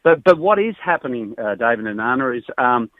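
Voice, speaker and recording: A man's voice: mid-range voice, big pitch swings, brisk, dry recording. Man, Australian accent, radio presenter, chatty and easygoing, phone-line sound, dry. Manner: chatty, laughs often, easygoing. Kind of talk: casual chat on a phone call.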